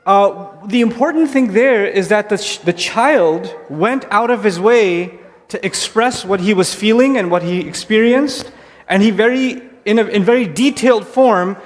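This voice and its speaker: Man, high voice, talking to families in an echoing hall; conversational, animated. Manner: conversational, animated, acts out kids and parents. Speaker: speaker addressing parents. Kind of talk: religious talk to families. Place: hall before an audience.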